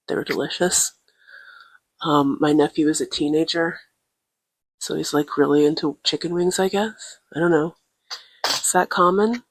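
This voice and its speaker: A woman's voice: fairly low pitch, no echo. A woman podcast co-host recording a casual travel audio diary at a relative's home on a tiny clip-on mic, talking in a playful, jokey, mock-serious way. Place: indoors at a relative's family home. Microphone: tiny clip-on influencer microphone.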